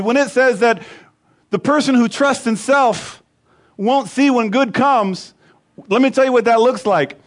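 Male pastor, high voice, emphatic repetitive sermon delivery. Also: measured pace. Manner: emphatic, repetitive preaching with rhythmic lists.

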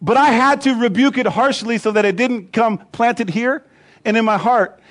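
Male pastor, high voice, emphatic repetitive sermon delivery. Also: moderate pace. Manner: emphatic, repetitive preaching with rhythmic lists.

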